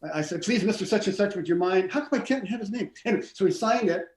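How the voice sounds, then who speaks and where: A middle-aged man, a stunt coordinator and actor, telling animated, rambling stories in a casual interview, often stammering and restarting. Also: high-pitched, quick pace. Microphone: video call. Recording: roomy echo.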